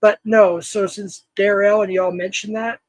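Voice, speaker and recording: A man with a notably high voice hosts a livestream in a dry, close sound. He rambles warmly through thanks to viewers, leaning on fillers and quick laughs as he goes. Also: little pitch movement, no room sound, rough recording. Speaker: livestream host. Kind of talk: casual livestream chat.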